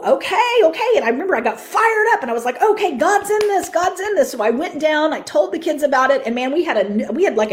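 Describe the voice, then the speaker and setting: A middle-aged woman telling a testimony in sermon style, her voice sitting a little higher than most. She tells it with animation, leaping up in pitch whenever she acts out the people in her story. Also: darkish tone. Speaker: minister sharing a testimony.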